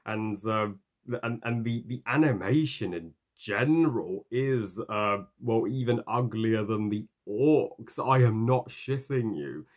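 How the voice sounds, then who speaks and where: A man giving a ranting film review, halting, with many fillers and curses. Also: fairly low pitch, expressive. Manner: halting, full of fillers and profanity.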